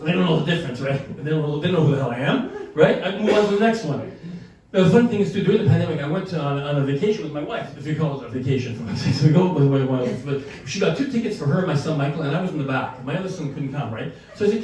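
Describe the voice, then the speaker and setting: Older male comic, high lively voice, brash and profane, laughing as he tells it, echoey room off-mic. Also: racing, recorded from a distance. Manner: brash, profane, laughing through his lines. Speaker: stand-up comedian. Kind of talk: stand-up storytelling.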